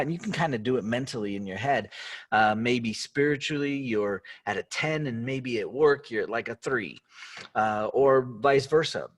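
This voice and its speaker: A man hosting a motivational talk, upbeat and conversational, asking the listener many questions. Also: mid-range voice. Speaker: host.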